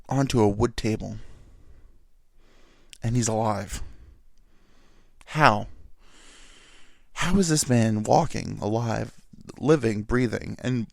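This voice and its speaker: Animated gravelly-voiced man rambling. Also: medium pitch, no echo, studio quality. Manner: animated, rambling, jumps into quick impressions of people. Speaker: podcast host. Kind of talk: casual solo podcast rant.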